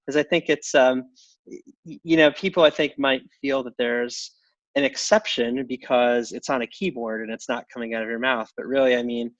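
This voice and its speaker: A middle-aged man speaks at an average pitch in a relaxed, halting way, circling back and restarting his sentences. His voice comes through a dull, slightly lo-fi line. The sound is dry, with no room around it. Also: no room sound. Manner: halting, many restarts and fillers, chuckles often. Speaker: guest, tech company CEO. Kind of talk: casual interview talk.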